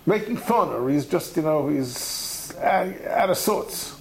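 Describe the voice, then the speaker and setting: Guy teaching talmud, kinda high voice w gravelly fry, chatty and animated. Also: slow pace, low-quality recording. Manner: animated, conversational, acts out the texts he quotes. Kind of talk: Talmud study lecture.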